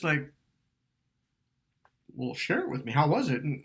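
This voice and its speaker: Animated, emphatic male dating coach. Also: a little high, normal speed. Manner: emphatic, swears, acts out quotes loudly.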